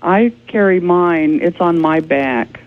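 A paranormal investigator calling in as a radio guest, explaining earnestly. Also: female voice, lowish voice, takes it slowly. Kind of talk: radio interview. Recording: tinny phone line.

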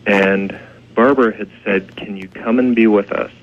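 A man, a paranormal investigator guest on radio, telling his story with hesitant pauses. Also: lowish voice, steady tone. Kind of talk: radio interview. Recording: tinny phone line.

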